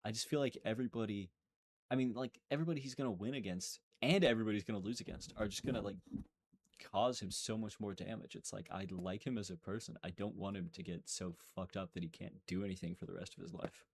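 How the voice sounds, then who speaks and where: A man's voice: on the low side, quick pace, vocal fry, slight background noise. Rambling, profane young man recapping fights. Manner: profane, rambling, self-interrupting. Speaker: MMA commentary YouTuber. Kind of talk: casual fight recap monologue.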